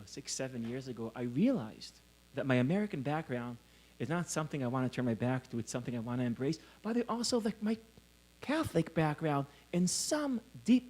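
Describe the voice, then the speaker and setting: A man's voice: medium pitch, a little mellow. Israeli-raised man giving a lecture. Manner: storytelling, self-mocking, laughs often. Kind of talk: conference lecture. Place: conference hall.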